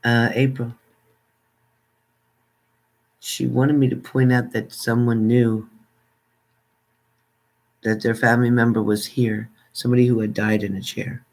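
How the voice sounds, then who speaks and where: An older man casually chatting on a livestream, warmly thanking viewers by name and calling them hon. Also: mid-range voice, little pitch movement, measured pace, vocal fry, pauses often. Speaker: livestream host.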